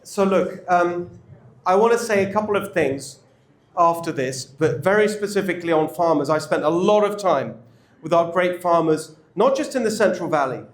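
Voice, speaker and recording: Speaking in an echoey indoor room before an audience, a high-pitched English candidate takes questions at a club campaign event. His delivery is energetic and emphatic, with quick restarts.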